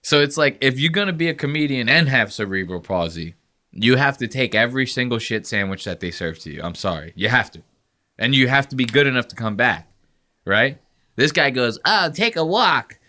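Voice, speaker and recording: A man hosting a podcast, telling stories in a loose, profane, animated way and mocking people with quick impressions. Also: medium pitch. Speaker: podcast host. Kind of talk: casual podcast banter.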